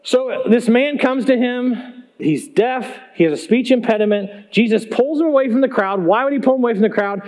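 A man with a very high voice preaches a sermon to his congregation. He talks in a casual, emphatic way, often throwing questions at the room. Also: moderate pace, a little mellow. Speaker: pastor. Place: church sanctuary.

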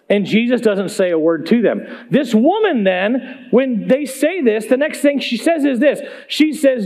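A high-voiced male pastor preaches in a loose, conversational way. He stays animated and keeps drawing the congregation in with questions. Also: measured pace, hardly any pauses. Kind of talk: sermon.

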